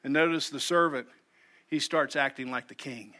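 A man's voice: mid-range voice, normal speed, bright, forceful tone. A male pastor preaching a sermon in an earnest way, often repeating words as he starts a sentence. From United States.

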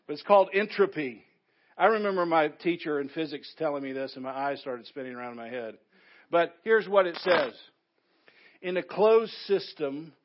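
Man, pastor, sermon, emphatic building repetition, dull lo-fi sound. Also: a little high.

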